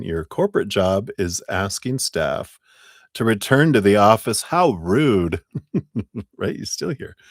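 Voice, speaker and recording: A man giving a relaxed, chatty tarot reading on a live stream, thanking donors and using spiritual wording. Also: low-pitched, dry recording, studio quality. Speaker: tarot reader. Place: home.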